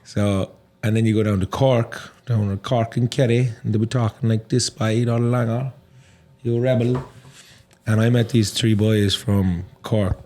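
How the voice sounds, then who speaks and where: Irish man, low voice, young adult, casual podcast chat, animated storytelling. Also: moderate pace, few pauses. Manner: animated storytelling, slips into mimicked accents. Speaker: podcast host.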